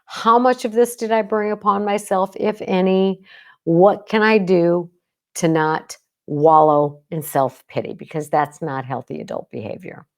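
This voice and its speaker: A woman psychologist hosts a podcast, speaking casually yet intensely and emphatically, frequently checking in with "right?" and acting out quoted lines. Her voice is lowish and a little slow.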